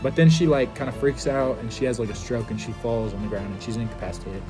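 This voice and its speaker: A man's voice: mid-range voice, fairly even intonation, quick pace, over loud music. A man casually recapping a TV episode, rambling loosely with many fillers. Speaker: TV show reviewer.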